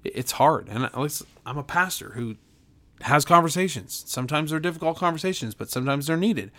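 A man's voice: fairly high pitch, expressive, a little fast, a bit bright. A man, a pastor, preaching to his podcast audience in an earnest, emphatic way, often repeating himself and restarting phrases.

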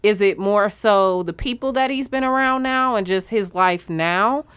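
A woman co-hosting a podcast, talking blunt and animated in casual chat with slang and swearing. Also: medium pitch, measured pace, clean tone, no echo. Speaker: podcast co-host.

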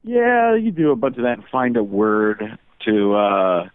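A man's voice: lowish voice, unhurried, clear, resonant tone, no room sound. A man chatting casually as a guest, telling stories and sliding in and out of impressions. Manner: animated, jumps into voices and impressions. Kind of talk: casual phone-in chat. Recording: tinny phone line.

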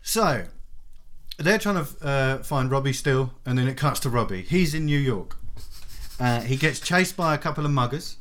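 A man's voice: mid-range voice, expressive, moderate pace, a bit bright. A man hosting a casual chat, rambling through a film recap with many fillers. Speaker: host.

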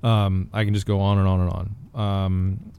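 A man's voice: low voice, flat delivery, moderate pace, a little mellow, clean tone. A man talking as a guest author in a casual podcast chat, joking and rambling with restarts.

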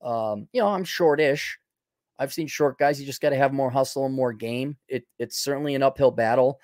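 A man's voice: medium pitch, moderate pace, darkish tone, no room sound, studio quality. A man with a Milwaukee accent hosting a podcast, reading viewer donations and giving blunt, opinionated answers. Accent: Milwaukee, Upper Midwest. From Milwaukee, Wisconsin. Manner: blunt, opinionated, drops into mock voices. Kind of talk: casual livestream commentary.

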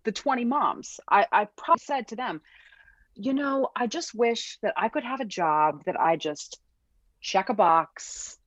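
A woman speaks earnestly in a relaxed conversation, reflecting on her work. Her voice sits dry and close with little room sound. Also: mid-range voice, measured pace, no echo, lo-fi sound. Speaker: guest. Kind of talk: casual conversation.

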